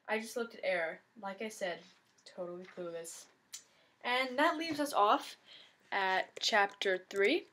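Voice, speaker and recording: A woman reads a mystery novel aloud in the first person, giving the narration plenty of expression. Her voice sits at a middle pitch for a woman, and she addresses her listeners directly at the end of the chapter. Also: animated, moderate pace, fairly bright tone, poor audio. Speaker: reader of a novel.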